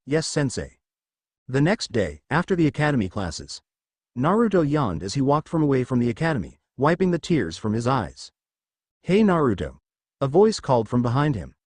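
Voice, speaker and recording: A man narrating a fan fiction story in a steady storytelling manner. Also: mid-range voice, brisk, no echo.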